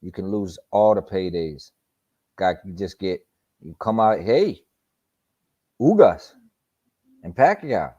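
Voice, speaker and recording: Deep, dark and a bit breathy, this man's voice moves slowly with lively intonation and long pauses as he hosts a live boxing talk stream. He talks casually and profanely, using lots of slang and repetition. The audio is dull, lo-fi stream sound.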